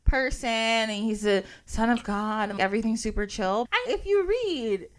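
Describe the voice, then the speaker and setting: A woman's voice: fairly high pitch, animated, normal speed. A woman hosting a podcast in casual chat, laughing often and swearing as she retells stories in quoted voices. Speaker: podcast host.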